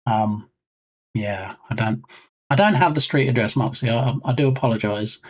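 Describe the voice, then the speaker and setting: A talkative streamer on a desk mic, casually chatting with viewers. The voice rises and drops a lot, and the tone stays playful and jokey throughout. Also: moderate pace. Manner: chatty and joking, reading viewer names aloud; lively swings in pitch. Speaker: livestream host. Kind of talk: casual live-stream chat.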